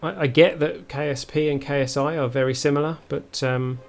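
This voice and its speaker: A man's voice: on the high side, fairly even intonation, a little fast, creaky, soft background music. A young man streaming a space game live, talking viewers through his moves with many ums and restarts. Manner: hesitant, full of ums, chats with viewers. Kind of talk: live gameplay commentary.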